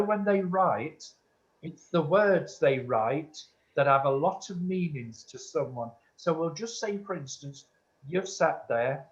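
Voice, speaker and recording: Church medium, male, slightly higher voice, earnest and insistent, lo-fi dull recording. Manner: earnest and insistent, calls listeners sweetheart. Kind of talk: church demonstration, answering audience questions. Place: church hall.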